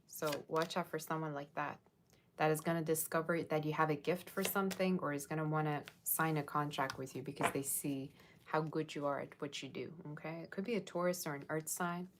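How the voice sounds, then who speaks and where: A woman's voice: sits low, a little hiss or hum. A woman giving a casual, rambling livestream tarot reading, chatting with viewers and thanking them by name. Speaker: tarot reader.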